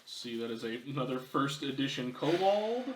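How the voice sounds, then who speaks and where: A man co-hosting a casual unboxing chat, laid-back with quick reactions and jokes. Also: medium pitch, lively intonation. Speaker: co-host reviewing miniatures. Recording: echoey room with faint noise.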